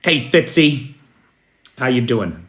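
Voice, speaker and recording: Slow-talking American man hosting live news. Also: mid-range voice, very animated, fairly bright tone. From United States. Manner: unhurried, greets viewers by name. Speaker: news host. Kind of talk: casual live news stream. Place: apartment in a city at night.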